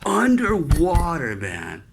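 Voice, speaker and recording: A man telling a casual story about his Navy days, loose and relaxed, dropping in swear words and "man". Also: on the high side, slow pace, creaky, noisy background. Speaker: podcast storyteller, Navy veteran.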